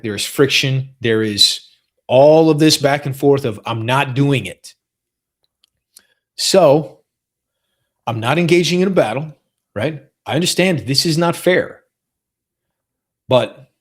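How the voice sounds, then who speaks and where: Animated man in his forties, podcast host. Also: on the high side, husky. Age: 40s. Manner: animated storytelling, quoting family members in lively voices. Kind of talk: casual solo podcast talk.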